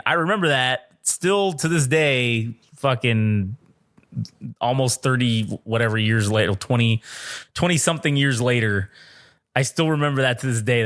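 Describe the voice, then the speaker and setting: A man co-hosting a podcast, telling a story in an animated, profane way and laughing often. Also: mid-range voice. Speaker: podcast co-host. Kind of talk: casual storytelling chat.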